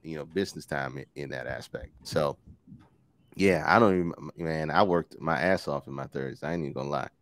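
A man's voice: rumbling low, fairly quick, fairly bright tone, no room sound, clean studio sound. A man in his forties in casual chat, joking and swearing, laughing often. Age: 40s.

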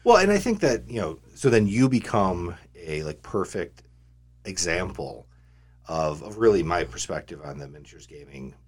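A man's voice: deep voice, big pitch swings, moderate pace, slightly rough. A man, a game designer, talking earnestly and reflectively in a casual podcast studio chat. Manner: earnest, reflective, many restarts.

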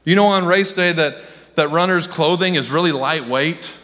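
Excitable high-voiced pastor in a reverberant church. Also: male voice, normal speed. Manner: excitable, talks directly to the congregation. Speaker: senior pastor. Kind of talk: sermon. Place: church sanctuary.

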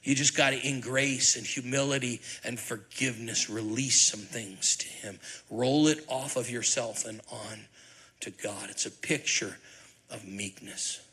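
A middle-aged man, lead pastor, preaching a sermon with animated, humorous storytelling and questions to the congregation. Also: mid-range voice, unhurried, slightly rough, poor audio.

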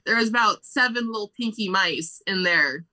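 A woman in casual conversation, telling a camp story with lively acted-out quotes and frequent "like" fillers. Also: medium pitch, moderate pace. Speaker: camp staff member. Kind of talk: animated storytelling.

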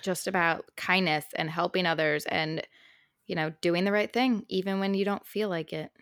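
A woman co-hosting a casual chat show, upbeat and quick to laugh. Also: on the low side, fairly even intonation, fairly bright tone, smooth, no room sound, studio quality. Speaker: co-host.

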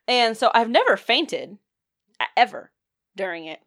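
A young woman in casual chat as a podcast co-host, telling an animated story, swearing casually and laughing often. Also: a little high, unhurried.

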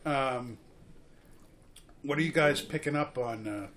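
A man hosting a casual group chat, relaxed and steering the talk around the table. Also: mid-range voice, takes it slowly. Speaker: host.

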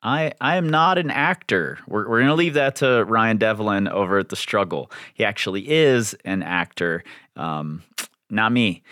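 A man's voice: fairly low pitch, lively intonation, normal speed, bright, forceful tone, no echo, clean studio sound. A man hosting his own podcast, chatting casually and self-deprecatingly with his listeners. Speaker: podcast host.

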